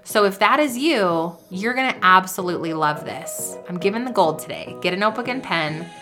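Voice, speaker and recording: A woman delivers an energetic podcast monologue, coaching listeners in a hyped, preachy pep-talk way. Her voice is bright and forward, and faint music plays under her. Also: medium pitch, moderate pace. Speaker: podcast host and business coach.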